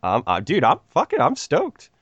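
Rambling man with a lively voice. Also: on the high side, moderate pace, husky, no room sound, dull audio. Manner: rambling, swears freely, lots of "like". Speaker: podcast host. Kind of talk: casual podcast chat.

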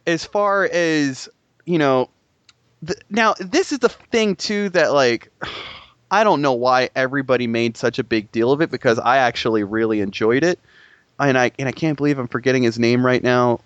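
A young man in casual, profane, rambling chat about video games, excitable and swearing often. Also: medium pitch, moderate pace, no echo, muffled recording. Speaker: gaming podcast co-host.

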